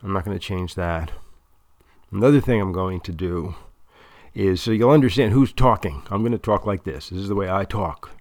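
A man's voice: deep voice, normal speed, a little mellow, no room sound, clean studio sound. A man explaining a plan at length in a casual, rambling way with many restarts. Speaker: interviewer recording a monologue.

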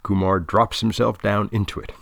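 Gravelly low-voiced male storyteller. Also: little pitch movement, normal speed, fairly bright tone, no room sound. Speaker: narrator. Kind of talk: storybook narration.

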